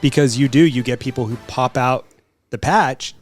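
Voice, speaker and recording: A man's voice: mid-range voice, moderate pace, faint music behind. A man co-hosting a podcast, chatting casually with a joking, enthusiastic manner. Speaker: podcast co-host.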